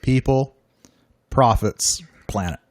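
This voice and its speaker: A man's voice: medium pitch, takes it slowly, a little mellow, no echo. A man hosting a casual chat show, upbeat and joking, with a self-deprecating streak. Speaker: podcast host.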